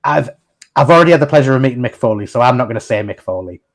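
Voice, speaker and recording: Speaking in a medium-pitched, animated voice, a male podcast host fires off his words rapidly. He spins rambling, chatty stories during the casual conversation, restarting often and laughing along the way.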